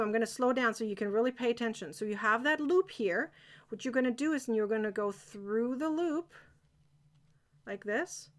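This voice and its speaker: A woman's voice: on the high side, a bit bright. A woman teaching a live crochet-along, chatty and encouraging, often checking that viewers are following.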